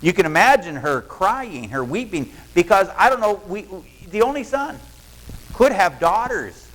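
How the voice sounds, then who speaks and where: Very animated and speaking at normal speed, a male pastor with a high, slightly bright voice preaches a folksy storytelling sermon, acting out what the characters say. It is a low-quality recording.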